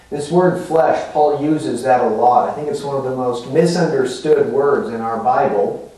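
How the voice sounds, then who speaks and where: A man's voice: a little high, lively intonation, normal speed, darkish tone. A man preaching a sermon as pastor, explaining scripture in a conversational teaching manner with fillers and rhetorical asides. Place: church sanctuary. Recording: echoey hall from far off.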